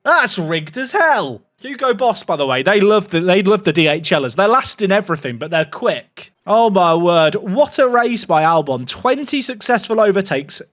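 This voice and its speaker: A man streaming a racing management game, calling the action with excitable, repeated exclamations over faint game music. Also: high voice, moderate pace, hardly any pauses. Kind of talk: live gameplay commentary.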